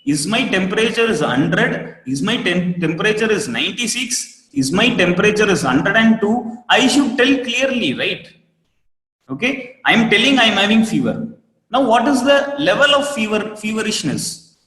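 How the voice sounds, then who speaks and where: A man with an Indian English accent teaching a live online trading class, repeating each point and asking students for a quick yes. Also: high-pitched, big pitch swings, pushed and bright. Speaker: trading course instructor. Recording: roomy echo with long reverb.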